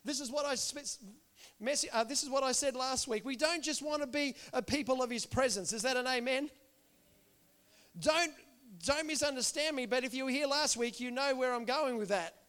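Very high-voiced man preaching. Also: moderate pace, a bit bright, smooth. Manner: earnest, repetitive, builds to impassioned calls. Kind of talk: sermon. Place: church.

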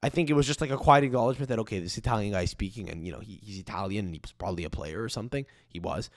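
A man hosting a podcast alone, ranting in a profane, rambling way with sudden jumps up in pitch. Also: rapid-fire, no room sound, studio quality. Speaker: podcast host. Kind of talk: solo ranting podcast monologue.

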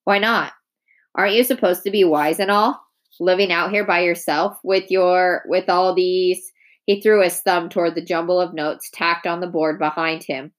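A woman's voice: fairly low pitch, fairly even intonation, moderate pace, close to an everyday voice. An upset young boy, frustrated and near tears, talks back in strained, defensive bursts, as a woman reads him aloud. The voice stays close to the reader's own.

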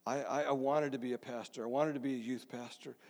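Speaking fast in a steady, slightly mellow voice of medium pitch, a middle-aged male pastor shares his personal testimony in a sermon. He keeps it conversational and self-deprecating, restarts often, and the hall adds long reverb.

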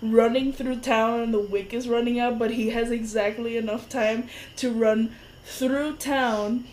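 A woman's voice: on the high side, a little slow, rough recording. A woman co-hosting a casual podcast chat, switching between English and Spanish mid-sentence and telling stories with frequent laughter. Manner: animated storyteller, laughs often. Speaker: podcast co-host. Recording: faint background noise.

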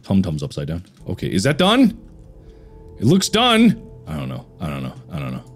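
A man's voice: rumbling low, huge pitch swings, quick pace, soft background music. A man hosting a horror game let's play, talking to himself, jumpy and reacting with frantic repeats and swearing. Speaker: gaming channel host.

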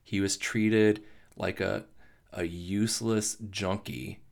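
A man hosting a podcast, talking through grief in a halting, emotional monologue, swearing and restarting often. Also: low voice, creaky. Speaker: podcast host. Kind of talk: personal reflective monologue.

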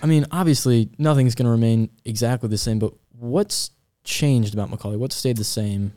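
A man's voice: medium pitch, moderate pace, dark tone, no room sound, studio quality. A young man, a student, asking questions in a friendly, curious way. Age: young adult. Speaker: student interviewer. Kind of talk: casual interview questions.

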